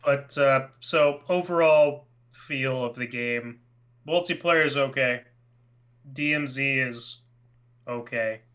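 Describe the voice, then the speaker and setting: A young man co-hosting a podcast, telling gaming stories in a lively, casual way and acting out the voices in them. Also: medium pitch, slow pace, clear, resonant tone. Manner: animated storyteller, acts out voices in his anecdotes. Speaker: podcast co-host. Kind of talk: casual chat.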